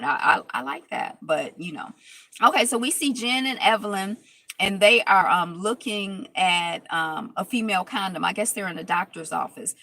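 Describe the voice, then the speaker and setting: A woman's voice: medium pitch, expressive, moderate pace, gravelly, pushed and bright, no room sound, poor audio. A woman casually recapping a reality TV episode, rambling with lots of fillers and restarts.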